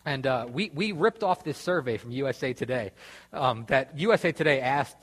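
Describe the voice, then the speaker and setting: A husky-voiced man at an ordinary pitch tells a story in a casual, rambling way, doubling back and restarting as he goes. His voice carries a long reverb, as if spoken in a large hall. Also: animated, moderate pace. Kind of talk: storytelling sermon talk.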